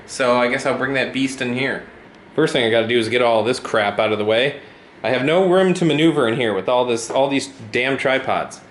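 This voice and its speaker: A man's voice: medium pitch, fairly quick. A tired man in a house, chatting casually and rambling to the camera as he goes about his day. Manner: rambling, easygoing, talks to his cat. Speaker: vlogger. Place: cold, drafty house at home. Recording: echoey room with faint noise.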